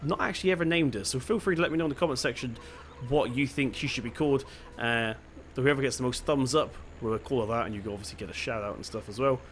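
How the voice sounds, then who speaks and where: A young man from Devon with a soft local accent talks casually over his gameplay. He thinks aloud in an easygoing, chatty way at an ordinary middle pitch. A faint hum of game sound sits behind his voice. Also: quick pace, few pauses. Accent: Devon English. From England (Devon). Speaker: gaming channel host.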